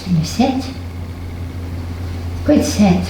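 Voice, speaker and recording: A woman's voice: mid-range voice, lively intonation, drawn-out words, warm tone. Upbeat woman dog trainer, distant and echoey. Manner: upbeat, coaxing praise to the dog. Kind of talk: hands-on training lesson. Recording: distant, echoey, faint noise.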